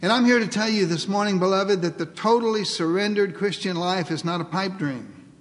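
A man preaching a sermon, dramatically acting out prayers and dialogue, swinging between loud pleas and near-whispers. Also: sits high, normal speed, big-room sound. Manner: dramatic, acts out dialogue with God.

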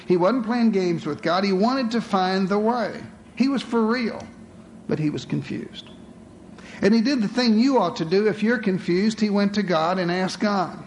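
A man's voice: sits high, moderate pace, a little hiss or hum. A man preaching a sermon to a congregation, with dramatic rhetorical questions, calling his listeners beloved.

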